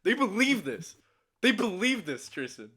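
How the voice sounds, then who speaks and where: A man's voice: high-pitched, very animated, measured pace, bright, forceful tone, husky. A young man telling a casual story, rambling and profane, with many restarts and fillers, audibly shaky and anxious.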